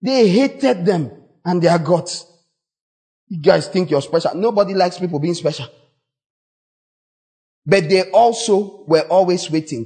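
This preacher's voice is fairly high and his pace moderate as he delivers a dramatic, lively sermon. He acts out quotations in character and erupts into shouts without warning.

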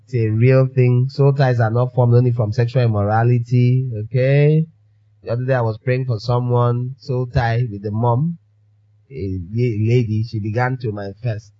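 A man's voice: mid-range voice, steady tone, normal speed, lo-fi sound. A man preaching a sermon as pastor, emphatic and fond of repeating his phrases for effect.

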